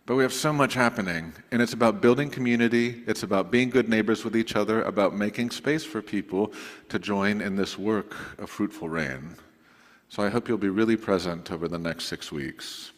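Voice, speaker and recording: A man preaching to his congregation in a relaxed, conversational way, with asides to the listeners. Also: on the low side, normal speed. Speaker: pastor. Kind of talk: sermon announcements. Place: church sanctuary. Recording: long reverb of a church sanctuary.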